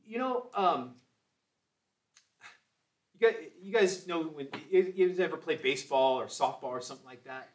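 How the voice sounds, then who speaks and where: A man's voice: on the high side, normal speed, long pauses, recorded from a distance. A man in his forties teaching a church Sunday school class, exhorting and telling testimony stories. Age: 40s. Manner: emphatic, exhorting, with testimony asides.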